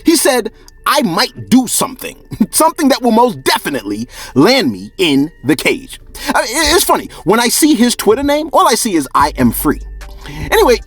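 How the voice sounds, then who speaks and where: A man hosting a celebrity gossip show, his pitch leaping all over the place as he riffs in loose slang. He chuckles often between points, and faint music plays underneath. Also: wildly swooping pitch, moderate pace, fairly bright tone, husky. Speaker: entertainment news host.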